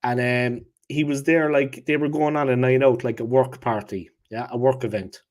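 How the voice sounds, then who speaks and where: A man, co-hosting a casual football chat and telling lively stories, often checking in with "yeah?". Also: medium pitch, moderate pace. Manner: animated anecdote teller, checks in with "yeah?". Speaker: co-host.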